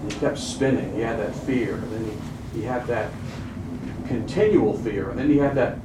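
A man's voice: mid-range voice, heavy background noise. A middle-aged man preaching a sermon, asking the congregation questions and calling for responses. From Charlotte, North Carolina. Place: chapel. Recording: roomy chapel sound picked up from a distance.

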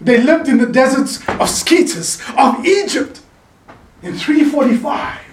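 A man preaching a sermon in a chapel, animated and playful, calling on the congregation to answer him. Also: very high-pitched, unhurried, a little hiss or hum. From South Africa. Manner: animated, playful, calls for audience response. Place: chapel in the mountains. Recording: echoey chapel, voice from a distance.

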